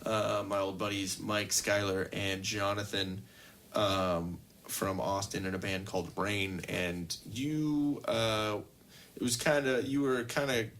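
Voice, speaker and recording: A man's voice: lowish voice, flat delivery, slow, a bit bright, a little hiss or hum. Rambling young man co-hosting a podcast. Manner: rambling, swears freely, many fillers. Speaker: podcast co-host. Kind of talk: casual chat.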